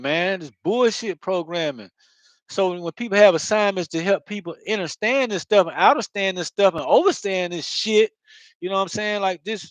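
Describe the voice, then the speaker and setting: A man's voice: sits high, a bit bright, no room sound, poor audio. A man hosting his own channel, giving a casual spiritual talk in a rambling way, full of profanity and street slang. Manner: rambling, profane street slang, constant "you know what I mean". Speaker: channel host.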